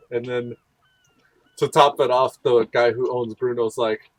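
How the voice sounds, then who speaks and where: A man's voice: medium pitch, fairly even intonation, moderate pace. A man hosting a gaming channel, rambling through casual gameplay commentary and laughing often.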